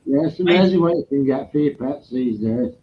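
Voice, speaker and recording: A man's voice: a little high, fairly quick, muffled recording, a little hiss or hum. A man in a casual chat, mostly giving short replies and chuckling. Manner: brief backchannel replies, chuckles.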